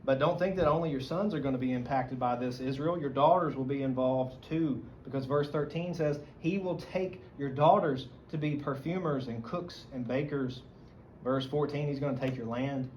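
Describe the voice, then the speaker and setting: A man's voice: medium pitch, moderate pace, darkish tone. A man with a Southern American accent teaching a church Bible study, reading scripture aloud and explaining it earnestly. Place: church meeting room. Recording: dull lo-fi recording, faint room noise.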